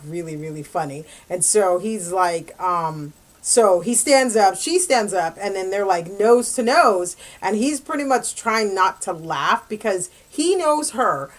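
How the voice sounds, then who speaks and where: A woman retelling a romance novel's plot in a casual, rambling book review, full of fillers and asides. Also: medium pitch. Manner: rambling, chatty, lots of fillers and "like".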